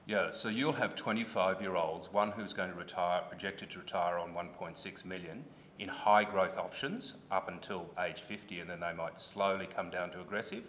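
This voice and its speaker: Low-pitched Australian man testifying at a hearing, earnest and explanatory, faint rumble behind. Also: steady tone, normal speed, hardly any pauses, a bit bright. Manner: earnest, explanatory, restarts when pressed. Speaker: submitter at a public hearing. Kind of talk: formal testimony.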